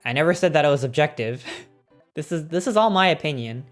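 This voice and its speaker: Low-voiced woman streamer, excitable and sweary. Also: brisk, soft background music. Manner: excitable, swears a lot, laughs often. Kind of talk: casual stream chat, ranking films.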